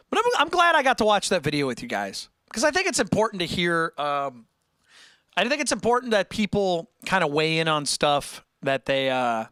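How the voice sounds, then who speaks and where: A man's voice: on the high side, bright, forceful tone, dry recording, clean studio sound. A man hosting a casual livestream, rambling and breaking off mid-sentence as he reads chat aloud. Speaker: livestream host.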